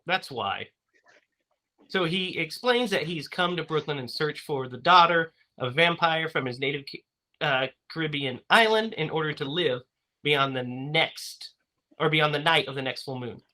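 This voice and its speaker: A man hosts a relaxed movie-review podcast, his voice sitting a little high with a bright, forward edge. He talks in loose, rambling runs, stumbling over restarts and fillers. He laughs easily between points. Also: normal speed. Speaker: podcast host. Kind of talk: casual movie-review chat.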